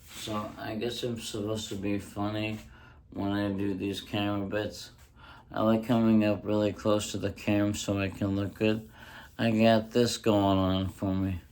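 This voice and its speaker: Casting: man, low monotone delivery, rambling deadpan stand-up at home, faint noise in the room. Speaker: stand-up comedian. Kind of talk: casual ASMR stand-up bit. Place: indoors at home. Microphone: handheld mic close up.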